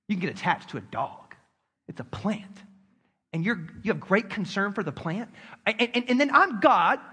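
A man preaching a sermon in a church hall, animated and calling on the congregation to respond. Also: sits high, husky. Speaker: pastor. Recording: long hall reverb.

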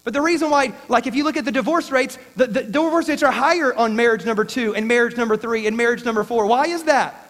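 High-voiced man preaching in a reverberant church. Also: quick pace, hardly any pauses, a bit bright. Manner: conversational and jokey, with folksy asides. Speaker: pastor. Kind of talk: sermon. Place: church sanctuary.

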